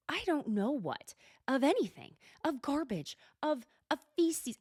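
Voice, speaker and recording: A young adult woman hosting a solo TV recap podcast, gossipy and animated, swearing freely and laughing often. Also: sits high, takes it slowly, no echo, clean studio sound. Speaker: podcast host. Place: lives at altitude, records at home.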